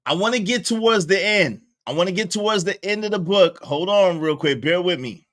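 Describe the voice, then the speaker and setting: Male livestream host, loose and slangy, speaks straight to his viewers, voice bright and high. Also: animated, brisk. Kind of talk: casual livestream chat.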